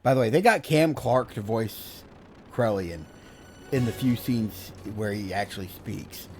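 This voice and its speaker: A man's voice: mid-range voice, lively intonation, moderate pace, a little mellow, slight background noise. A man giving casual gameplay commentary with offhand, joking asides. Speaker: let's play host. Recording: game music playing underneath.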